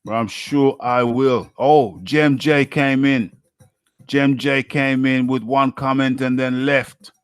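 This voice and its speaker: A man from the UK hosts a casual live boxing talk stream and reads out viewer names in a relaxed way. His voice is smooth and resonant at a middle pitch. The sound is close and dry. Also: takes it slowly, no room sound.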